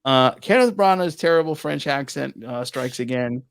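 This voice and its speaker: A man hosting a casual movie review chat, animated and prone to swearing. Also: mid-range voice, normal speed, gravelly, smooth, no room sound, clean studio sound. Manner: animated, swears, laughs often. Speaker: host.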